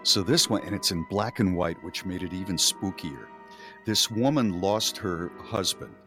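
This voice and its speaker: Low-voiced male radio host telling a story. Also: normal speed, faint music behind. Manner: animated retelling with acted quotes.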